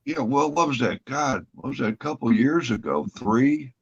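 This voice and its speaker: A man's voice: mid-range voice, expressive, normal speed, creaky, slightly rough. A man telling a long story in casual chat, rambling and swearing freely. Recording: dull lo-fi audio.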